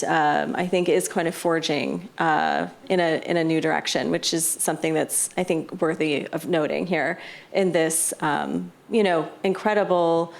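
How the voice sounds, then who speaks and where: A woman's voice: lowish voice, creaky. A woman moderating a panel talk, thoughtful and hesitant, often saying "you know". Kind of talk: casual panel conversation. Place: gallery talk before a live audience.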